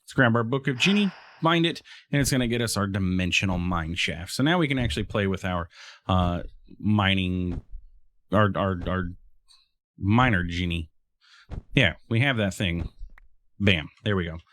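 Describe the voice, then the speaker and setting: Chatty lower-voiced man playing a game. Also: lively intonation, moderate pace, fairly bright tone. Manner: chatty, talks to game mobs, frequent fillers and restarts. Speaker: let's play host. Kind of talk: casual gameplay commentary.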